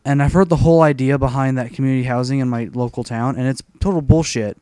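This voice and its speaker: A man's voice: mid-range voice, fairly even intonation, fast talker, mellow, smooth, no room sound. A young man telling a rambling, profane story in a casual rant over gameplay. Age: young adult. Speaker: gaming commentator.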